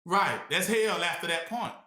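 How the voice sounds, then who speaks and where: Male preacher, high bright voice, call-and-response, casual delivery, roomy echo. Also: animated, moderate pace. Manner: rhetorical questions, congregation fills the blank; casual, colloquial speech. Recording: echoey room.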